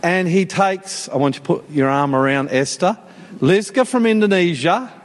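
High-voiced preacher in an echoing church. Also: male voice, normal speed. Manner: lively, joking, calls out to the congregation. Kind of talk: sermon. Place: church worship service. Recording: long hall reverb in a church.

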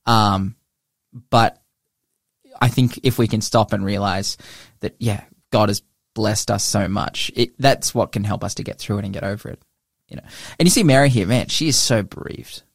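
A man's voice: fairly low pitch, moderate pace, vocal fry, no echo, clean studio sound. A young man co-hosting a casual Bible discussion, enthusiastic and full of "like" and "you know.". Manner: enthusiastic, filler-heavy, says like and you know. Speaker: podcast co-host.

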